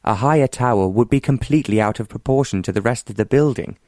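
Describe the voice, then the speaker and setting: A man voicing a mild, wry former naval officer, an earl who stays calm and stubborn in a romance audiobook. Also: medium pitch, quick pace, no echo, studio quality, pitched above the performer's own voice, lightly acted.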